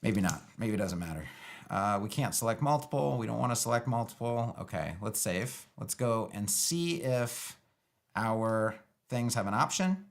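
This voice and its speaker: A man thinking out loud through a live web-building demo, loose and sarcastic, with lots of fillers. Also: fairly low pitch, lively intonation, normal speed, gravelly, a little hiss or hum. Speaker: web design educator building a page live. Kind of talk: casual live screen-share tutorial.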